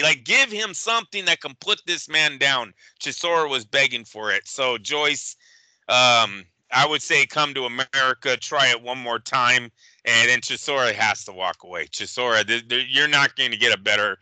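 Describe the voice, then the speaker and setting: Brash bright-voiced man breaking down fights. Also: medium pitch, dry recording, rough recording. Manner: emphatic, profane, rapid-fire opinions. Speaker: boxing podcast co-host. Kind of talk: casual fight analysis.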